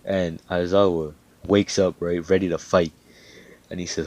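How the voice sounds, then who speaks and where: A man's voice: low voice, level tone, unhurried, darkish tone, muffled recording. A man casually telling a fan-fiction story, talking loosely with swearing and frequent fillers.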